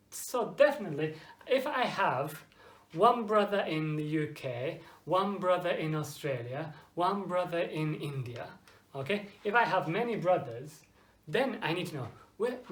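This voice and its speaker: An English teacher giving an online grammar lesson to Japanese learners, speaking simple, slow English, often checking with "okay?" and exaggerating intonation to demonstrate. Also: mid-range voice. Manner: frequent checking "okay?" with students; drops in short Japanese phrases. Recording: echoey room.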